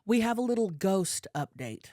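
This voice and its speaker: A woman co-hosting a podcast, telling a story in a casual, animated way, acting out the voices of the people in it and slipping in crude jokes. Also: mid-range voice, moderate pace, no echo, clean studio sound. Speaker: podcast co-host. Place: podcast studio.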